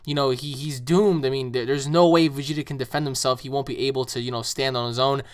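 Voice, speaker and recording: A man's voice: mid-range voice, fairly even intonation, fast talker, clear, resonant tone, no echo, studio quality, natural voice. A man voicing a heroic male fighter, asking worried, earnest questions in his own voice.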